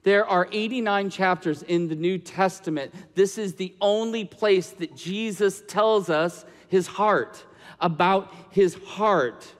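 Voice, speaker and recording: A man preaching a sermon as pastor, swinging between loud emphatic lines and quiet hushed passages. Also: high-pitched, slow pace, in a large hall.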